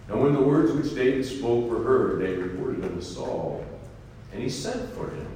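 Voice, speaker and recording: A man's voice: medium pitch, moderate pace. Man, preacher, folksy scripture commentary, long hall reverb, faint background noise. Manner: reads scripture, then comments in an animated, folksy way. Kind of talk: scripture reading with sermon commentary. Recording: echoey hall from far off.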